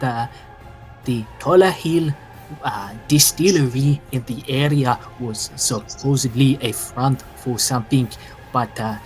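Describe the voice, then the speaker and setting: A man's voice: mid-range voice, lightly acted. A man voicing a nervous, frantic male tavern keeper who stammers and hesitates.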